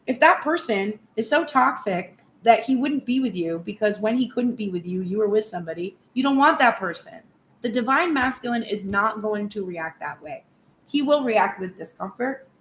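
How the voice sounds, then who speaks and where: Frank, animated female tarot reader, casual delivery with the odd swear, slightly high voice, roomy sound. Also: a little hiss or hum. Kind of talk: casual spoken tarot reading.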